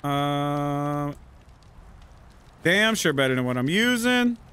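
A man giving casual gameplay commentary, trash-talking enemies loudly with plenty of profanity. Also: high-pitched, very animated, normal speed. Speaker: gaming YouTuber.

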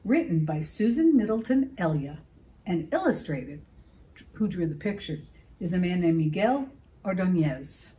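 A woman librarian reading a picture book aloud to children, expressive and stopping to ask them questions. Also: fairly low pitch, a little slow, rough recording.

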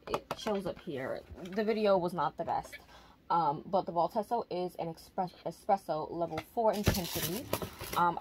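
A young adult woman chatting casually at home, relaxed and rambling with many ums. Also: fairly low pitch, background noise. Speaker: vlogger. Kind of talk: casual chat.

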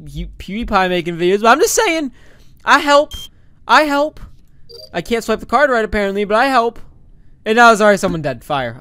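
A young man with a high, smooth voice rambles playfully over his gameplay. He jokes around and bursts out loud at times, recorded dry and close on a desk mic. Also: no room sound. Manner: goofy, rambling, playful, sudden loud outbursts. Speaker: gaming YouTuber. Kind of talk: let's play commentary. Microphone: desk microphone.

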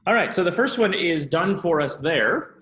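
A man's voice: a little high, animated, moderate pace, pushed and bright. Man teaching in a roomy classroom. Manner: explanatory, asks students questions.

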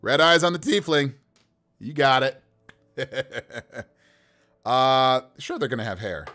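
As game master on a livestream, a man builds characters through dice rolls, chatting casually with plenty of laughter and animation. His medium-pitched voice takes things slowly over soft background music.

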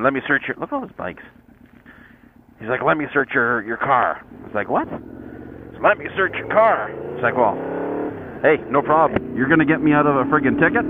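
Man, from Canada, motorcycle vlogger, rambling, swears casually, tinny helmet-camera audio, loud road noise. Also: mid-range voice. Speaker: motovlogger. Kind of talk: casual motorcycle vlog with storytelling. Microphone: helmet-mounted action camera. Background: traffic and wind noise.

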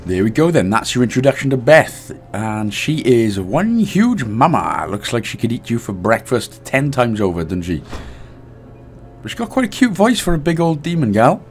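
A hungover man with a Welsh accent giving relaxed, chatty game walkthrough commentary and laughing at himself. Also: mid-range voice, moderate pace, soft background music. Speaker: gaming channel host.

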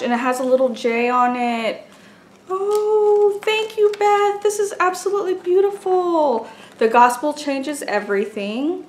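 Gushing woman unboxing in an echoey room. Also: on the high side. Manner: gushing, exclaims often over each item. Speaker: beauty and craft vlogger. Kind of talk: casual unboxing chat. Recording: echoey room with faint noise.

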